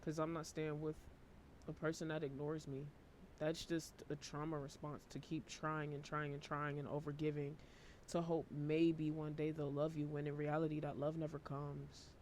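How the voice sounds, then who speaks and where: A worn-out man giving a casual tarot reading to camera, talking in a flat, low-energy monotone and swearing casually. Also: normal speed, a little hiss or hum. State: emotionally worn out. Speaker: tarot reader.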